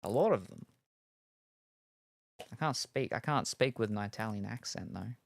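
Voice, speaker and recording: A man's voice: lowish voice, expressive, moderate pace, creaky, dry recording, studio quality. A man streaming games, chatting casually in a rambling, self-deprecating way with lots of ums. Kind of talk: casual chat while gaming.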